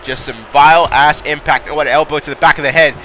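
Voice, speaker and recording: Excitable high-voiced male commentator. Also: fast talker, noisy background. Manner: excitable, mildly profane, breaks into laughs. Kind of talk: play-by-play commentary on a wrestling video game.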